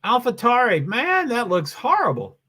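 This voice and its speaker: A man with a high voice talks casually through a livestream of a race. He rambles, trips over his own sentences and restarts them, and keeps chatting to his viewers. He speaks from a desk mic at home. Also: huge pitch swings, normal speed, sharp tone, a little hiss or hum. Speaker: livestream host. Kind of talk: casual live commentary on a race stream.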